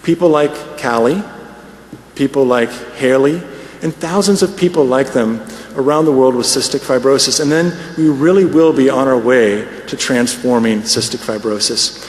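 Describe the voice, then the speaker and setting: A man giving a conference plenary talk in a measured, upbeat way. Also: mid-range voice. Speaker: conference speaker. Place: large conference hall. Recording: echoey hall with faint noise.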